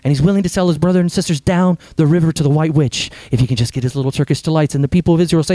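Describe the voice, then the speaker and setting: A man preaching a sermon earnestly and emphatically, with dramatic pauses. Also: a little high, mellow, no echo. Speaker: pastor.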